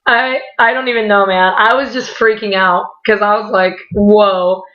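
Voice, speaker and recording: A young woman with a bright, tense voice tells a story casually, rambling and excited, with a lot of "like" and swearing. The recording is dull and lo-fi. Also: mid-range voice, normal speed. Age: young adult. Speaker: vlogger.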